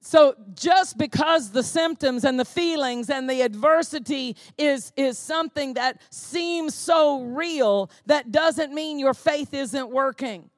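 A woman pastor delivering a sermon with a high voice and dry, close sound. She preaches with fervor, hammering phrases again and again and climbing into shouts. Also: takes it slowly, few pauses, dry recording. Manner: fervent preaching that builds to shouting; repetitive, emphatic phrasing.

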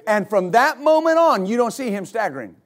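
A male pastor preaching a sermon, rising into repeated, shouted exhortations to his congregation. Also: high voice, very animated, brisk. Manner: builds to shouted, repetitive exhortation.

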